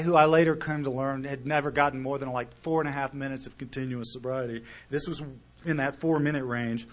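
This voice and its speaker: A middle-aged man speaking to a meeting about his recovery, telling his story earnestly and emotionally, with loudness that rises and falls. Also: on the high side. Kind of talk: recovery talk to a live audience.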